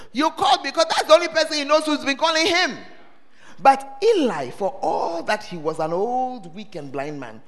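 A man preaches to his congregation in a sharp, very high voice that swoops up and down. He quizzes them directly and breaks into sudden shouts. His voice rings out with the long echo of a large hall. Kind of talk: sermon. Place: church service hall.

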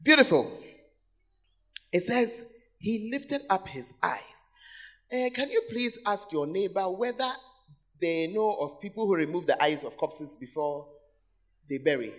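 A high-voiced man preaching in a large church hall, his pitch leaping all over as he calls out to the congregation. His bright, sharp tone cuts through as he repeats key words, swinging between loud exclamations and low asides. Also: lively intonation, a little slow, pauses often. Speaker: pastor. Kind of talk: sermon.

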